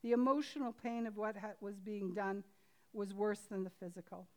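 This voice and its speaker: Her sermon includes a story read aloud from a book, and she delivers it earnestly but haltingly, with plenty of restarts. Her mid-range voice keeps a fairly even intonation, yet she moves from loud emphasis down to a hush.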